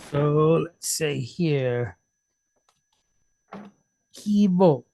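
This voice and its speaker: A woman with a deep, somewhat mellow voice leads a reading lesson. She patiently sounds out every syllable slowly and step by step, checking in with the class as she goes.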